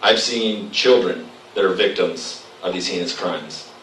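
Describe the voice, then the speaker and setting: Deep voiced guy, halting debate answers full of uhs, echoey hall far off. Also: fairly bright tone. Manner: halting, lots of fillers. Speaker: state senator, debate candidate. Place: public hall. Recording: echoey room from far off, faint noise.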